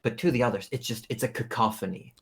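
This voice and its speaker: A man's voice: medium pitch, fast, gravelly, slightly rough. A man with an Australian accent narrating a tabletop game as game master, describing scenes with lots of fillers. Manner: descriptive, filler-heavy storytelling.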